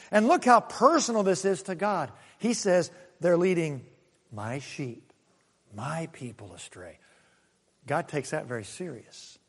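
A male pastor with a slightly high voice preaches conversationally, telling stories and chuckling before pressing his points harder. He swings between soft asides and raised, emphatic statements, with a long reverb tail on the sound.

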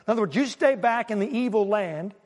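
High-pitched guy preaching, gets loud then goes quiet, lots of hall echo. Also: expressive, brisk. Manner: dramatic preaching, swings from loud to hushed; asks the congregation questions. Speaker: pastor. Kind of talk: sermon.

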